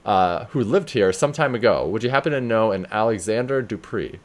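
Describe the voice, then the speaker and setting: A man's voice: fairly low pitch, lively intonation, a little fast, close to an everyday voice. Man reading as a polite Victorian doctor. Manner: formal, polite.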